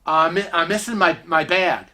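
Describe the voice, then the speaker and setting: Guy doing his blunt fed-up partner, indignant, snappy, bright voice. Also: on the high side, normal speed. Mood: insistent. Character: blunt, impatient grown man, exasperated.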